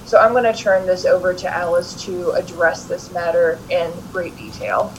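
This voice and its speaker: A woman co-hosting a talk show, speaking slowly and deliberately at times. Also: fairly low pitch, a little hiss or hum, poor audio. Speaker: nonprofit secretary, co-host.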